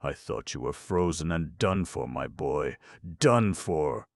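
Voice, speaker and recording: A man's voice: rumbling low, expressive, slow, dry recording, exaggerated voice. A man voicing a fierce, elegant and emotional male elephant in a storybook. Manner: fierce, dramatic outbursts.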